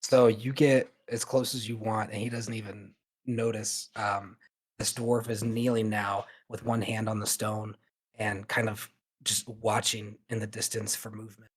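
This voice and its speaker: A man's voice: fairly low pitch, little pitch movement, unhurried, slightly rough. Casual male game master. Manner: casual, with many fillers. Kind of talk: narrating a tabletop game.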